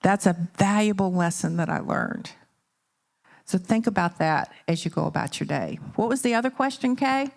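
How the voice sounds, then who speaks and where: A middle-aged woman giving a motivational talk at a conference, telling stories in an animated way and asking the audience rhetorical questions. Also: medium pitch, normal speed, creaky. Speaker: keynote speaker. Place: conference venue.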